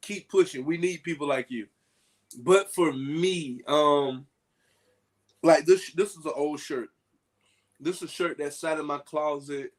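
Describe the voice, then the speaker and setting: A man talking casually to a group, telling lively stories with folksy asides. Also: fairly high pitch. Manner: animated storytelling with folksy asides.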